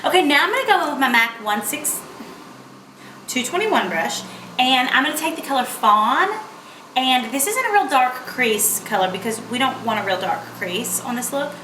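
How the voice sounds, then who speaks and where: A woman's voice: high-pitched, expressive, moderate pace, background noise. A young woman, chatting playfully through a makeup tutorial. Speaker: beauty vlogger. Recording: echoey room.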